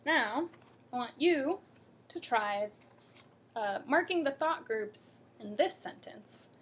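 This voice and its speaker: A woman teaching a pronunciation lesson to a class, speaking deliberately and demonstrating rises and falls in her voice. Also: fairly high pitch, expressive, a bit bright, slight background noise. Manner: slow, deliberate, demonstrating intonation.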